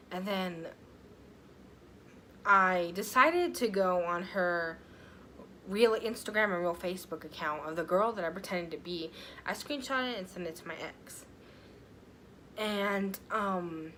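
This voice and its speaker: Young woman, casual storytime vlog, chatty, swears, lowish voice. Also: a bit bright, rough recording. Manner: chatty, filler-heavy, swears freely. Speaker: vlogger. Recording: faint background noise.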